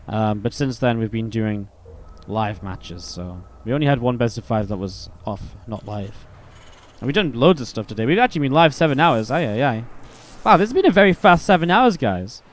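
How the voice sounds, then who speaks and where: Casual English esports caster. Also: male voice, mid-range voice, very animated, moderate pace. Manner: chatty, casual asides between play calls. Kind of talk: live play-by-play game commentary.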